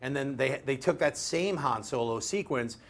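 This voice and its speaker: A man co-hosting a casual panel chat, excitable and laughing often. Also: mid-range voice, moderate pace. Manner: excitable, laughs often, does silly voices. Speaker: co-host.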